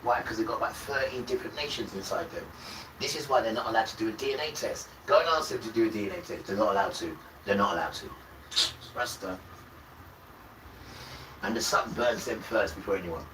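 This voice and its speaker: A man on a livestream delivering an impassioned religious rant, preachy and accusing. He swings from loud outbursts to low muttering. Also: lively intonation, a little fast. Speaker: livestream host. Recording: roomy, distant mic with loud background noise.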